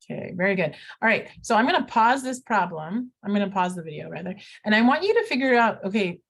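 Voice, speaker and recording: A woman's voice: medium pitch, very animated, fast talker, creaky. A middle-aged woman teaching math in a recorded lesson, talking students through each step with playful asides.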